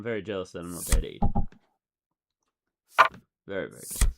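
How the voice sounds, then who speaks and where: A man giving casual running commentary as he plays online poker, thinking aloud and swinging from excited outbursts to low muttering. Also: brisk, gravelly, long pauses, very noisy.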